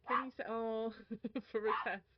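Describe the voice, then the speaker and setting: A woman's voice: on the high side, fairly even intonation, measured pace. Giggly woman chatting on a game stream. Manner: chatty, giggly, addresses viewers by name. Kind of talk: casual live-stream chat while gaming. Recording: dull audio with loud background noise.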